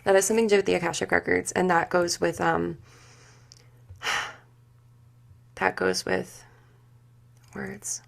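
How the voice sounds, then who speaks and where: A woman giving an intuitive spiritual reading to a group, speaking haltingly and searching for words with many fillers. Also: fairly low pitch, level tone, creaky. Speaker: spiritual session leader.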